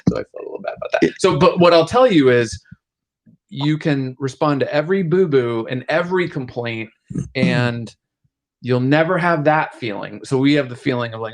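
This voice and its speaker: A man's voice: on the high side, expressive, moderate pace. Middle-aged male doctor, podcast co-host, loose storyteller who keeps laughing. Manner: laughs often while telling stories. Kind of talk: casual podcast chat.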